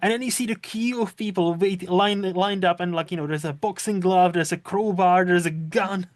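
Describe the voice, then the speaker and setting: A man's voice: high-pitched, normal speed, no room sound. A man co-hosting a casual podcast, rambling and restarting his sentences and laughing often. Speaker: podcast co-host. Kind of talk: casual chat.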